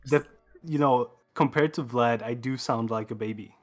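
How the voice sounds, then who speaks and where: A man's voice: medium pitch, moderate pace, crowd noise. A Swedish native speaker, a man from Sweden, talking easygoingly as a guest through a voice changer on an online call. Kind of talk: casual interview chat.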